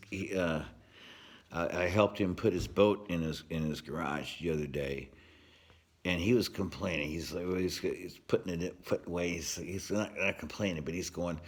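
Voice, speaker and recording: Deep-voiced man ranting in his garage. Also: slight background noise. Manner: profane, rambling, laid-back storytelling. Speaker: vlogger giving a home project update. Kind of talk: casual rant to camera. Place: unfinished home garage.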